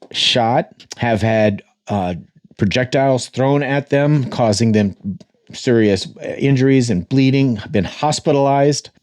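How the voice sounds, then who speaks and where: A man's voice: medium pitch, a little mellow. A man hosting a political commentary monologue in a sarcastic, emphatic manner. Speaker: host.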